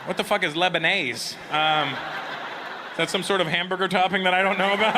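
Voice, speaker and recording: A male stand-up comedian rambles through crude stories on stage, laughing at his own jokes. His voice sits a little high, and the live recording is noisy. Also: fairly even intonation, fairly quick. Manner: rambling, crude storytelling that keeps checking in with the crowd. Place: stage before a live audience.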